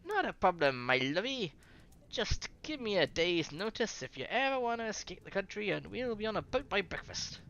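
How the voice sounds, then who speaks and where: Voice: medium pitch, very animated, normal speed, a bit bright, lo-fi sound, a little hiss or hum, pitched above the performer's own voice. A streamer voicing a cheeky, slangy London woman with a put-on London accent, reading a visual novel aloud. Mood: playful. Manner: teasing, slangy, affectionate. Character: cheeky London woman, Charlotte's affectionate companion.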